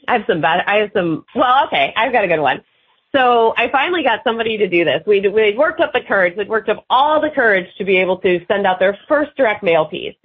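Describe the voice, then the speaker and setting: A woman guest in an interview, telling marketing anecdotes in an animated, casual way and acting out the people in them. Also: medium pitch, slightly rough. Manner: animated anecdotes with lively quoted voices. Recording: tinny phone-like line.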